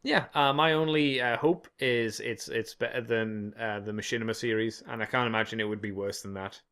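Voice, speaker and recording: A man's voice: mid-range voice, steady tone, brisk, fairly bright tone, smooth. A man co-hosting a casual podcast chat. He is laid-back and wry and laughs often as he talks. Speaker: podcast co-host.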